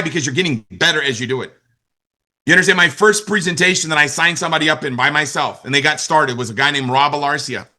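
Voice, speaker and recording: Forceful, emphatic man coaching a sales team. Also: on the high side. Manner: emphatic, repeats key lines, asks "you understand?". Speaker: network marketing trainer. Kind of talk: motivational business training talk.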